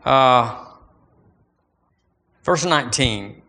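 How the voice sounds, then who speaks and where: A man preaching with a bright, sharp tone. He speaks at a middling pitch and talks in a folksy, repetitive way. He climbs into animated bursts of emphasis. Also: unhurried. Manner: folksy, repeats phrases. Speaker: pastor. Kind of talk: sermon.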